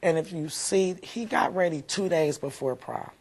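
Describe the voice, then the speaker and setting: A woman's voice: lowish voice, expressive, normal speed, a little mellow, husky. A woman, a mother being interviewed, talking heartfelt and rambling with many fillers. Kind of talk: emotional interview recollection.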